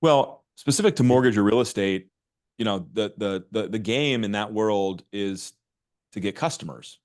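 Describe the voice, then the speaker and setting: Middle-aged male guest, low voice, lively and restless delivery with many restarts. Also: moderate pace. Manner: animated, restarts often with repeated words. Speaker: podcast guest, author and marketing executive. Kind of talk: casual interview talk.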